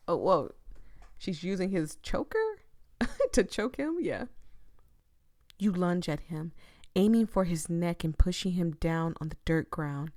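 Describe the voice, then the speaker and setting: A young woman streamer who reads a visual novel aloud, moving between hushed narration and dramatic outbursts. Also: fairly low pitch, measured pace, no room sound, studio quality. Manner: expressive, dramatic, shifts between hushed reading and loud reactions. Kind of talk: reading a game aloud with reactions.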